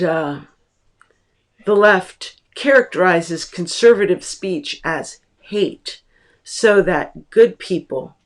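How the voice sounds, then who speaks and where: A woman teacher giving a lecture on a book, explaining slowly and deliberately with pauses, recorded at home. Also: on the low side.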